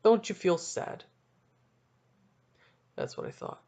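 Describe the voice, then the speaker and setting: A young man hosting a solo sports podcast, ranting excitably and cutting himself off mid-sentence. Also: slow pace. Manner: excitable, ranting, self-interrupting. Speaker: podcast host.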